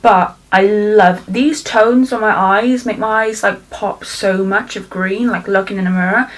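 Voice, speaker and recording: A woman's voice: medium pitch, poor audio. A young woman from South Wales, chatting and rambling her way through a makeup tutorial at home, swearing freely. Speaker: beauty vlogger. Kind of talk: casual makeup tutorial chat. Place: home, indoors.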